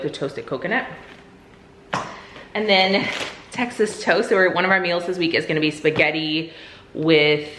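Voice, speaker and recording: A woman's voice: lowish voice, sharp tone. A woman chatting casually through a grocery haul in an upbeat, chatty way with lots of fillers. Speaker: vlogger. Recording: echoey room, faint noise.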